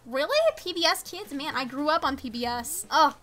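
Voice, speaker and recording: A teenage girl chats over her game stream with a high, bright voice. She rambles excitably, reacting to her viewers' messages. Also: normal speed. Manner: chatty, excitable, reads chat aloud. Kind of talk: casual game stream chat.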